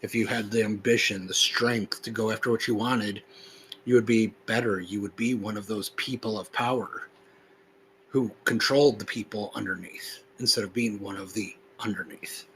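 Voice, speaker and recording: A man hosting a podcast, reading a text aloud slowly and with weighty emphasis, then explaining it in loose, casual talk. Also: lowish voice, fairly even intonation, fairly bright tone, a little hiss or hum, rough recording. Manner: slow, emphatic recitation when reading; loose, conversational, with fillers when explaining. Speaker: podcast host.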